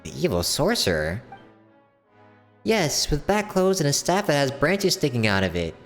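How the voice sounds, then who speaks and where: A man voicing a dreamy, naive little girl in a fan game voice-over, soft and innocent. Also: fairly high pitch, wildly swooping pitch, normal speed, big-room sound, faint music behind. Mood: earnest.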